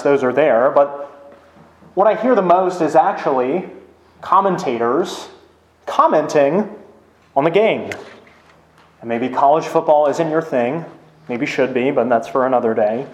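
A male pastor reading scripture, praying and preaching a sermon with measured, deliberate delivery. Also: a little high. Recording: roomy echo.

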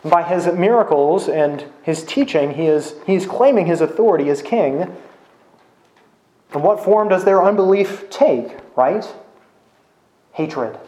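A man's voice: a little high, lively intonation, measured pace, pauses often, warm tone. A man preaching a sermon as a pastor, talking conversationally and often asking "right?". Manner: conversational, with frequent "right?" tag questions. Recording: echoey room.

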